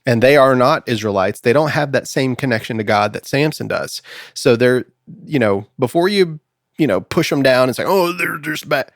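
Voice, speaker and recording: A man's voice: mid-range voice, normal speed, dry recording, clean studio sound. A man hosting a casual Bible discussion podcast, chatty and laughing often. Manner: chatty, laughs often, puts on a Southern drawl for jokes. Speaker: podcast host. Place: studio.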